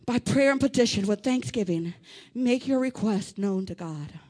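A woman preaching a sermon with fervent delivery, building to shouts and calling on the congregation to repeat after her. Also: medium pitch, lively intonation, normal speed.

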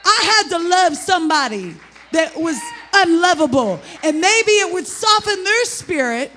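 Super high voiced preacher yelling out a fiery sermon. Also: sing-song, measured pace. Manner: impassioned, shouting exhortations.

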